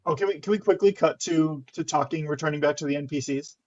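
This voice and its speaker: High-voiced male player, lo-fi sound. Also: quick pace. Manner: rambling, animated, swears when riled. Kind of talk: casual tabletop game banter. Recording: dull lo-fi sound.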